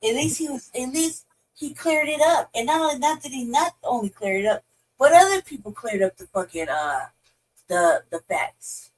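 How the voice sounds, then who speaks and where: A woman's voice: high voice, lively intonation, moderate pace, low-quality recording. A woman co-hosting a podcast in casual chat, blunt and swearing, with many restarts and fillers. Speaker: podcast co-host.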